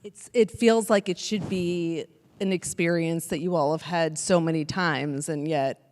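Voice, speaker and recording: A woman moderating a panel interview on stage, asking relaxed questions and reading out audience questions. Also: deep voice, measured pace. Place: stage panel in a large auditorium. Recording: long hall reverb from a live stage.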